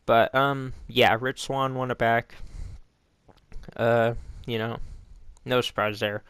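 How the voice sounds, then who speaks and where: A man's voice: medium pitch, fairly even intonation, slow, fairly bright tone, clear, resonant tone, no echo. A man giving a casual, rambling recap of a wrestling show, often stopping to correct himself. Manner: rambling, self-correcting, loose and informal. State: hiccups.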